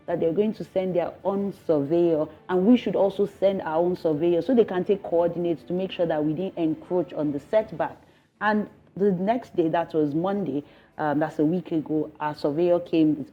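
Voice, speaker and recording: A woman in her thirties with a Nigerian English accent, giving an emotional, earnest news interview, halting and pleading at times. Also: on the low side. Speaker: interviewed resident. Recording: slightly dull broadcast audio with faint music.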